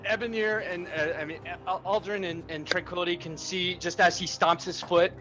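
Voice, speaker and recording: A man with a bright, slightly high voice describes his character's actions in a tabletop game. He talks in a loose, rambling way. Soft music plays behind him. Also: fairly even intonation, moderate pace, rough recording. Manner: loose descriptive narration with fillers. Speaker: player.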